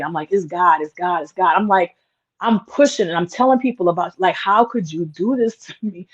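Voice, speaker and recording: A woman guest in an interview, telling a personal story in an earnest, emotional way, with lots of "like" fillers. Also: fairly low pitch. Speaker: interview guest, small business owner. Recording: dull lo-fi sound.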